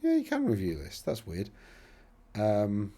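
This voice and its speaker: A man's voice: fairly low pitch, wildly swooping pitch, a little slow, dark tone, slightly rough. A man hosting a casual commentary, rambling and thinking aloud with self-deprecating asides as he browses results. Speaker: host.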